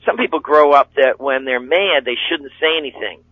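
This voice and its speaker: A man's voice: mid-range voice, normal speed, no room sound. Folksy middle-aged man, dull radio sound. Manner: folksy, rambling, with fillers and acted-out quotes. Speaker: seminar speaker and relationship coach. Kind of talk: guest talk on a radio show.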